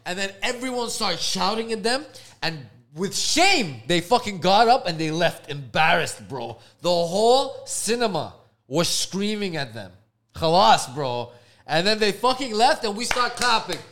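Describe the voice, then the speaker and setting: Animated profane man telling a story. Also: high-pitched, unhurried. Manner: profane, animated, acts out voices. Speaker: podcast co-host. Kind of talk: casual storytelling chat.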